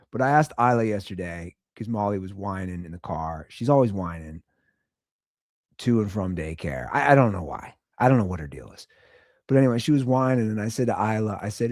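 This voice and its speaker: A man's voice: lowish voice, darkish tone, no echo, studio quality. A young man hosting a casual solo podcast, rambling about family life. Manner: rambling, chatty, swings between sing-song and mumbling. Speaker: podcast host.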